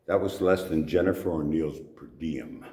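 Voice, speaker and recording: Deep-voiced older man, gruff storyteller. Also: normal speed, dark tone. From Canada. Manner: gruff, swears casually, laughs at own stories. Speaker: actor guest. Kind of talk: anecdotal interview storytelling. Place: convention venue indoors. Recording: echoey convention room.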